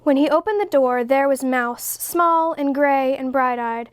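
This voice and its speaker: High-voiced woman reading slowly. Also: noisy background. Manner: slow, expressive reading. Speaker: story reader. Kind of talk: storybook read-aloud.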